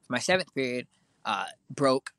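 A man's voice: medium pitch, lively intonation, moderate pace, fairly bright tone, no echo. A teenage boy co-hosting a casual chat, telling a long story with lots of fillers and restarts. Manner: rambling, filler-heavy storytelling.

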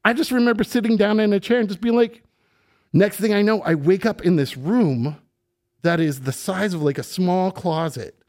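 A middle-aged man, a podcast guest, casually telling an animated story and swearing freely. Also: high voice, moderate pace. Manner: animated, swears freely, acts out voices in quotes.

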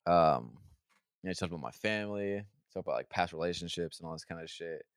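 A man's voice: low-pitched, fast talker, smooth, no echo, clean studio sound. A young man telling a rambling, profane story in a casual podcast chat. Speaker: podcast co-host.

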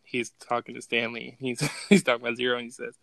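A man's voice: medium pitch, monotone, quick pace, creaky, bright, forceful tone, dry recording. A man co-hosting a casual podcast, laid-back, swearing and laughing as he recaps movie scenes. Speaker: podcast co-host. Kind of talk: casual chat.

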